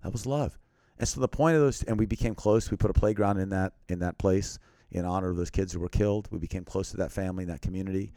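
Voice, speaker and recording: A man with a very low voice tells a personal story as an interview guest. He speaks earnestly and with emphasis, often sinking into a quiet, grave tone. He is recorded close on a studio mic in a dry, dead room. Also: fast talker, no echo.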